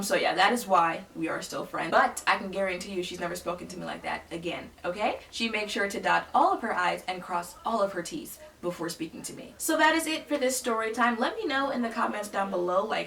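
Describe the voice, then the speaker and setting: A woman's voice: mid-range voice, gravelly, bright, forceful tone, far from the mic. A young woman vlogger telling a story in a blunt, emphatic, sassy way. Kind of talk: casual storytelling.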